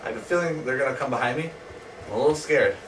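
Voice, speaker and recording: A man hosting live gameplay commentary, excitable, swearing and yelling at opponents. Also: medium pitch, racing. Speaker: gaming channel host. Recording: distant mic, noisy background.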